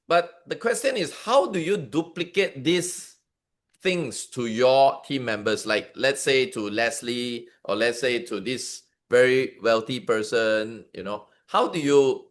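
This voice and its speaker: A man hosting an interview, asking long questions and backing the guest with short affirmations. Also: medium pitch. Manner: frequent short affirmations, encouraging. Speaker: interview host.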